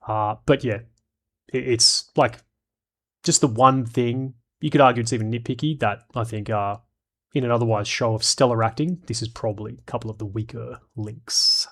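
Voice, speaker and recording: A man's voice: medium pitch, steady tone, fairly quick. A man giving casual commentary on a TV show and reading viewer comments, rambling and frank, with plenty of swearing.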